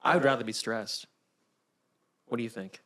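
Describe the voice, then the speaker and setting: Blunt emphatic comedian on a podcast. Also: male voice, mid-range voice, normal speed, over a noisy crowd. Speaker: stand-up comedian, podcast co-host. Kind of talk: casual chat.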